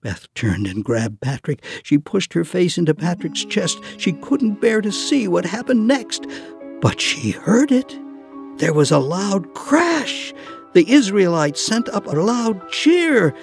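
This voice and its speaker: A man narrating a children's audiobook in an expressive storytelling manner. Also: high-pitched, takes it slowly, vocal fry, faint music behind.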